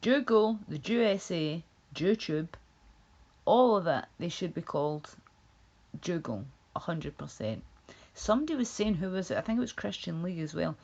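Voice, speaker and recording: A woman with a low voice rambles bluntly through a casual livestream chat, swearing freely. Her talk is loose and full of asides. The audio is dull and lo-fi. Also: lively intonation, moderate pace, gravelly, darkish tone. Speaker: livestream host.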